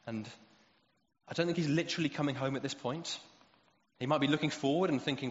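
A man's voice: medium pitch, quick pace. Guy giving a sermon, acts out the quotes, roomy echo, kinda dull sound. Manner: animated storytelling, acts out quotes. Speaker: preacher.

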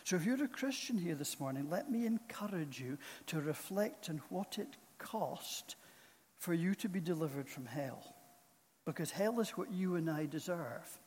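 A man preaching a sermon in a church, speaking in a slow, solemn and earnest way. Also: on the high side, animated, a little mellow. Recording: long reverb of a large hall.

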